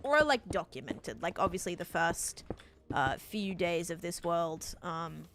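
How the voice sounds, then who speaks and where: A woman's voice: lowish voice, animated, measured pace, fairly bright tone. A woman with an Australian accent chatting casually while gaming live, rambling and filling her talk with "like". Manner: rambling, chatty, heavy use of "like". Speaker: livestreamer.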